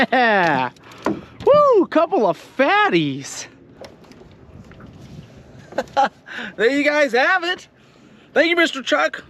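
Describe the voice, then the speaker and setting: Guy hollering and laughing on a fishing boat, high voice that jumps all over, slow drawl, lots of noise around. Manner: excitable, laughs a lot, talks to viewers. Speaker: fishing vlogger. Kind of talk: excited fishing vlog commentary. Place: outdoors on a boat on a lake. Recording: noisy outdoor boat recording.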